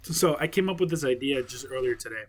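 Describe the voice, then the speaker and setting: A young man in casual podcast chat, joking and laughing often as he pitches a best man speech. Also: expressive, fast talker.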